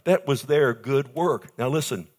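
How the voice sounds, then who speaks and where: An older man preaching a sermon as pastor, calling out to his congregation and stretching key phrases slowly for emphasis. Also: a little mellow. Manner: emphatic preaching with sudden high pitch jumps and slowed key phrases; calls out to congregation with "amen" and "loved one".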